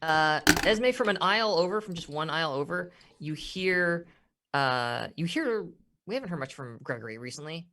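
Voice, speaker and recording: A man's voice: on the high side, expressive, normal speed, bright, forceful tone. A man narrating as game master of a tabletop game, rambling with many fillers and frequent laughs.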